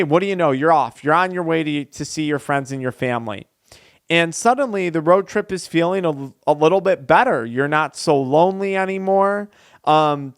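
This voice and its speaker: A man's voice: a little high, clear, resonant tone, no echo, studio quality. A man, an addiction recovery coach, telling a story in an earnest, conversational vlog.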